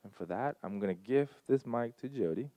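A man's voice: mid-range voice, expressive, brisk, dry recording. Earnest man giving a personal talk. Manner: earnest, storytelling, emphatic swings in loudness. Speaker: speaker at a community gathering. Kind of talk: personal talk to a live audience.

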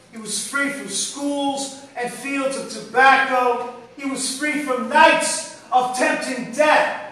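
A man reading his poetry aloud at a live event, in a measured, solemn, unhurried way. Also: very high-pitched, sharp tone. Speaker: poet reading his work. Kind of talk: spoken-word poetry reading. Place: indoor live venue. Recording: echoey room, distant mic, faint hiss.

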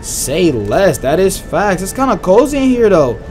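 A young man giving excitable, slang-heavy let's-play commentary on a horror game and reacting loudly to scares. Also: high-pitched, measured pace, soft background music. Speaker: gaming YouTuber.

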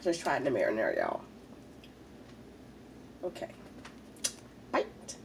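A woman's voice: extremely low pitch, wildly swooping pitch, a little slow, creaky, a little mellow, far from the mic, a little hiss or hum. A woman, chatting casually while eating in a mukbang video, a little congested from a head cold. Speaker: mukbang vlogger.

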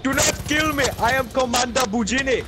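A man's voice: extremely high pitch, a little fast, over loud music, pitched above the performer's own voice. A man putting on a whiny begging warlord. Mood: pleading. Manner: whiny, begging, self-important. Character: pleading boastful male enemy commander.

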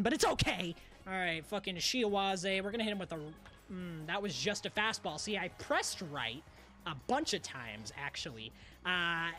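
A woman's voice: medium pitch, a bit bright. A woman streamer swearing and muttering at a baseball video game as she plays, exasperated and a bit out of breath. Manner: profane, exasperated, talks to the game. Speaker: gaming streamer. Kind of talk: casual gameplay commentary.

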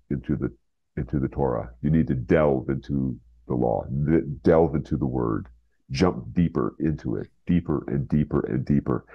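A man's voice: a bass voice, creaky, husky, full character voice. A man speaking as a wise old rabbi. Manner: measured, repetitive urging. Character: wise old male rabbi, calm teacher. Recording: slightly dull lo-fi recording.

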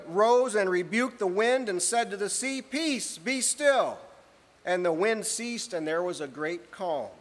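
A man preaching an earnest sermon, reading scripture aloud and often clearing his throat. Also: high voice. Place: church hall. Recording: long hall reverb.

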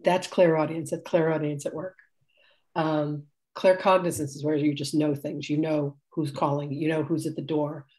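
A woman's voice: low voice, flat delivery, moderate pace, a little mellow. A woman in her sixties, a spiritual teacher giving a live class demonstration, chatty and rambling, laughing often and correcting herself as she tells stories.

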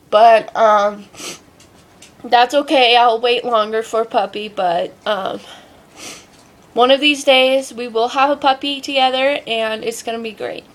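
High-voiced young woman rambling casually. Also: fairly bright tone. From Colorado, USA. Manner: rambling, chatty, many ums, loose and sweary. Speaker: vlogger. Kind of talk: casual home vlog. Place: home.

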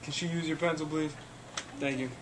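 A man patiently narrating a tabletop game for children as game master, with halting restarts, in a noisy room recording. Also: on the high side, fairly even intonation. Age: adult. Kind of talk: running a tabletop game for kids. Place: school club room.

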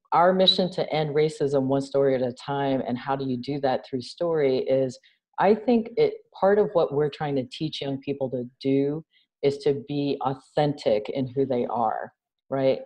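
Brief: woman guest from New York City, low warm voice, animated interview talk. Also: unhurried. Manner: animated, acts out quoted dialogue, frequent "right?". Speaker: interview guest, nonprofit founder. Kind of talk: conversational interview.

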